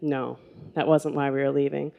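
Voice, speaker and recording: A woman's voice: extremely low pitch, flat delivery, moderate pace, vocal fry, muffled recording. A woman in her twenties telling a personal story live on stage, chatty and laughing, with lots of fillers. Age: 20s.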